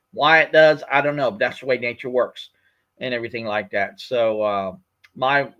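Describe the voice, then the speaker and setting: Homem cinquentão de fala arrastada. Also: male voice, mid-range voice, a bit bright, lo-fi sound. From Florida. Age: 50s. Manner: rambling, with many fillers and restarts. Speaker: host. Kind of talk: livestream chat.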